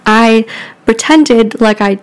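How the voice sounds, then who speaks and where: A woman's voice: fairly high pitch, takes it slowly, smooth, low-quality recording. Giggly woman rambling through a story. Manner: rambling, filler-heavy with frequent "like"; giggly, laughs often. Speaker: podcast host. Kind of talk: casual storytelling.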